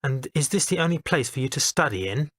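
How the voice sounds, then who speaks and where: A deep, resonant, plummy voice of a pompous old politician, put on by a man reading his own audiobook. He talks down to people in a slow, grand, patronising way. The sound is dry and close, with no room around it. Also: lively intonation, a bit bright, dry recording. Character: pompous upper-class older male politician. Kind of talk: audiobook character voice.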